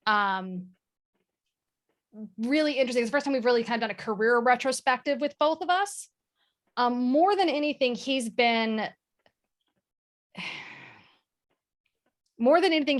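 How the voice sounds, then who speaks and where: A woman guest speaking frankly and casually about sales, swearing now and then. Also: medium pitch. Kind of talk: casual panel chat.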